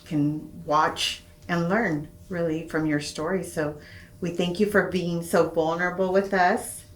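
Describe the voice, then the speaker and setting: A woman's voice: on the low side, fairly even intonation, a little slow, reverberant, slight background noise, low-quality recording. A woman interviewing a veteran, asking encouraging questions for an oral history project.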